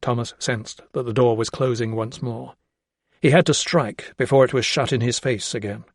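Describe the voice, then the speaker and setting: A man performs scripted audiobook narration in an unhurried, even storytelling style. The medium-pitched voice comes through in studio quality, free of room sound.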